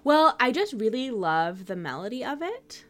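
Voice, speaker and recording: A woman co-hosting a podcast, talking casually and a little haltingly about song lyrics. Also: fairly high pitch, big pitch swings, fairly bright tone, faint music behind. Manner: hesitant, many "um" fillers. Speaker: podcast co-host.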